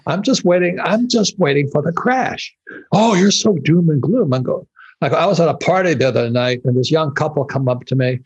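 Older male interview guest from Hawaii, husky, blunt and profane, tells lively anecdotes. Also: on the high side, fairly quick, highs cut off. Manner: profane, animated storytelling, laughs while talking. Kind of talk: blunt casual interview talk.

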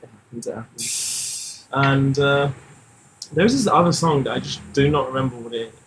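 A man's voice: mid-range voice, normal speed, a little hiss or hum, low-quality recording. A man co-hosting a casual music chat, hesitant and groping for words.

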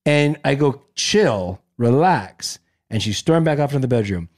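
Animated man telling a story, teasing. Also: mid-range voice, a little slow, no echo, studio quality. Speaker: podcast co-host. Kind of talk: casual chat.

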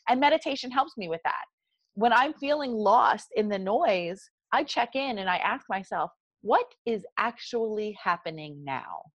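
Here a fortyish woman with a South Jersey accent, a meditation guide, speaks at a moderate pace in a fairly high voice. Earnest and animated, she walks through examples during a podcast interview, captured on a dry recording.

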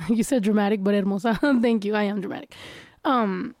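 A woman's voice: mid-range voice, a little fast, darkish tone, dry recording, clean studio sound. A casual woman with a stuffy nose, chatting bluntly and often profanely while reading viewer comments. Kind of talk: casual chat.

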